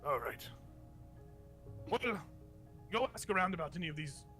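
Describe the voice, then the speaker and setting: A man's voice: high-pitched, expressive, normal speed, bright, forceful tone, faint music behind. A man voicing a beefy, mustached male town guard who gives brusque orders and swears casually in a tabletop game.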